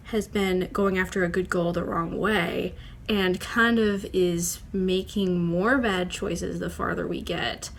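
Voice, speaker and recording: A woman's voice: medium pitch, slight background noise. A young woman, chatting casually in a writing vlog, rambling with lots of fillers. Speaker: vlogger.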